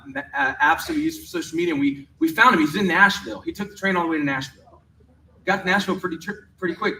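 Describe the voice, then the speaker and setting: A young man, speaking at a youth camp and telling a story in a lively way, with many "like"s. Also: high-pitched, a little hiss or hum. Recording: roomy, heard from a distance.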